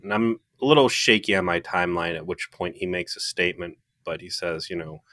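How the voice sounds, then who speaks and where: Male co-host, low and bright-edged voice, opinionated and wry, dry close sound. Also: brisk, hardly any pauses, no room sound. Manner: opinionated, wry, swears casually. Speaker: podcast co-host. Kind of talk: casual review chat.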